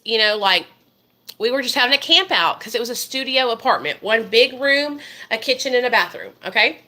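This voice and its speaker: A woman's voice: on the high side, bright, forceful tone. A woman, telling a story to her viewers in a profane, emphatic way. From Arkansas, USA. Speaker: vlogger. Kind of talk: casual storytime monologue.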